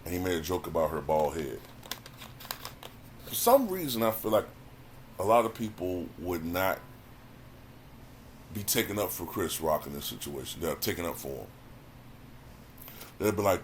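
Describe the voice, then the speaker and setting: A man with a low, deep voice talks through a casual review like he's chatting with viewers. He is conversational and often repeats words while he gathers his thoughts. A faint background hiss sits under the recording. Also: expressive, moderate pace, long pauses. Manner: conversational, repeats words when thinking, frequent "you know what I'm saying". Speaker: YouTube commentator reviewing a stand-up special.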